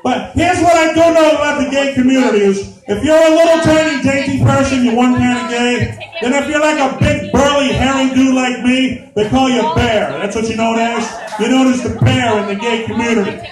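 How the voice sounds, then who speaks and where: A man hosting a live comedy night, telling self-mocking stand-up bits in a loud voice. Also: very high-pitched, brisk, music in the background. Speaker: comedy show host. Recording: echoey live venue from far off with crowd.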